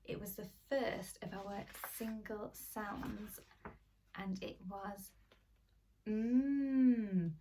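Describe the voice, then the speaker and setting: A woman's voice: mid-range voice, level tone, takes it slowly, a little hiss or hum. Woman, phonics teacher for small children, sing-song and encouraging, a bit distant from the mic. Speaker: primary school teacher. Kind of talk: phonics lesson for young children.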